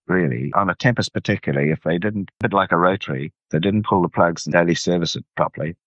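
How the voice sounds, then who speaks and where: A man's voice: low voice, a bit bright, no echo. An older man from New Zealand with a New Zealand accent, a war veteran telling his story in an oral history interview, plainspoken and acting out dialogue. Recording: dull lo-fi recording.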